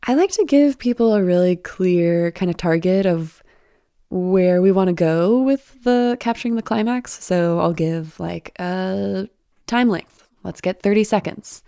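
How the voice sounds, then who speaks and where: A woman's voice: on the low side, measured pace, gravelly, clean tone, no room sound, studio quality. A woman, a former audio producer, speaking as an interview guest in a thoughtful, explanatory way. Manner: thoughtful, explanatory, warmly instructive.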